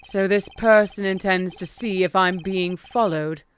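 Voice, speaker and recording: A woman voicing a cool, formal male prosecutor, reading game dialogue aloud in a lowered, restrained way. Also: a little slow, clear, resonant tone, close to an everyday voice. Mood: composed.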